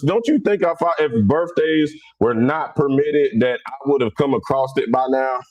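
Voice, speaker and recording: A middle-aged man from Cincinnati talks. He speaks bluntly and with a lot of energy, and his voice sits at an ordinary male pitch. His delivery is rough around the edges. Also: normal speed, hardly any pauses, no echo. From Cincinnati, USA. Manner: blunt, animated, rough-edged. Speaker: livestream host. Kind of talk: casual livestream talk.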